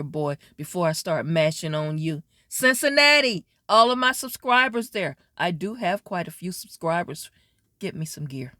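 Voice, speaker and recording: A woman doing a casual sports wrap-up, sassy and animated, talking straight at teams and players. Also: mid-range voice, no room sound, studio quality. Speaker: sports commentary vlogger.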